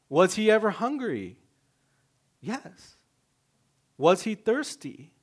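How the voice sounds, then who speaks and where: Guy preaching, chatty and animated, jokes about himself, voice a bit higher than most men. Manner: lively and conversational, with sudden loud rises and soft drops; self-mocking humor. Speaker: pastor. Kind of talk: sermon.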